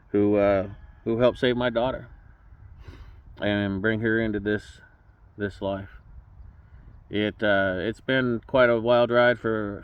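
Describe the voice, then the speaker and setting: A man's voice: lowish voice, lo-fi sound. An emotional man speaking as a political candidate, folksy and fervent, often repeating words as he restarts. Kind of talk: direct-to-camera campaign address.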